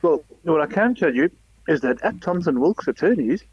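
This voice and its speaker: A man's voice: fairly high pitch, expressive, moderate pace. A man, an attorney, confidently giving advice and anecdotes as a podcast guest. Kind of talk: casual podcast chat. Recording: dry, muffled lo-fi audio.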